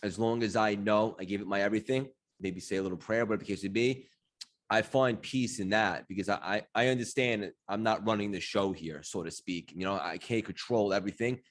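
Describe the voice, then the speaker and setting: A man's voice: lowish voice, a little fast. A man hosting a podcast interview, talking in an effusive, admiring way. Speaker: podcast host.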